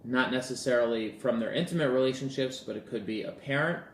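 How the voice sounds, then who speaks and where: A man's voice: mid-range voice, quick pace, roomy sound, slight background noise. A man talking casually as a relationship coach, telling a story and acting out bits of dialogue. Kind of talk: casual talk to camera.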